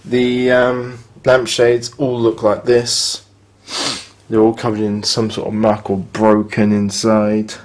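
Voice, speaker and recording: A man's voice: mid-range voice, darkish tone. A man, filming a casual spoken review of his hotel room and grumbling bluntly about its faults.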